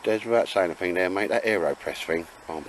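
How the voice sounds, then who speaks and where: A man's voice: low voice, fairly quick, slight background noise. A man chatting casually and jokily while camping in damp woods. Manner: chatty, jokey, laid-back. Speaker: vlogger. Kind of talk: casual outdoor chat.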